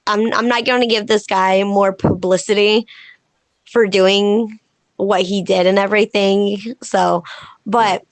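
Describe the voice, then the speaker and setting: A woman pro wrestler, a podcast guest, telling stories in a casual, animated way and acting out quoted dialogue. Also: medium pitch, measured pace, no echo. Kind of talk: casual podcast interview storytelling.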